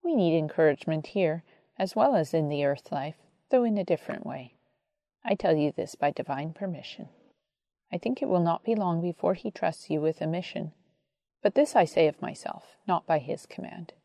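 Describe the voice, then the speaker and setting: A woman voicing a kind older brother in heaven, speaking earnestly and gently. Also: sits low, animated, moderate pace, no echo, clean studio sound. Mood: encouraging.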